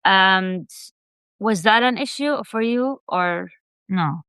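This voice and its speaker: A woman's voice: medium pitch, expressive, slow pace, bright, forceful tone, clean tone, dry recording. A woman with a non-native English accent hosting an interview, asking questions and reading out viewer comments. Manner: friendly, reads out viewer comments. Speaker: host. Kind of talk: casual interview chat.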